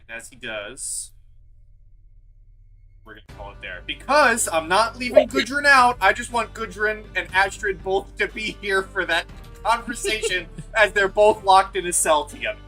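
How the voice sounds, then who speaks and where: A man with a bright, forward tone narrates a tabletop fantasy game as its game master. He rambles through scenes, leaning on fillers as he sets the picture. Faint music plays underneath. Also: sits high, animated, moderate pace, rough recording.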